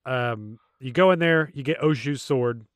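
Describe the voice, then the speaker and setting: A man co-hosting a casual podcast about a video game, retelling scenes with a laugh and quick voiced asides. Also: medium pitch, smooth, no room sound. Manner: laughing, animated retelling with put-on character voices. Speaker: podcast co-host.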